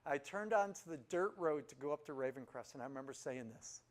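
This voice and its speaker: A man's voice: on the high side, expressive, a little fast. A man in his fifties, casually telling humorous family stories to a group and asking them questions. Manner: humorous, asks the audience questions. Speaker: speaker introducing himself to a group. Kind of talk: casual storytelling talk.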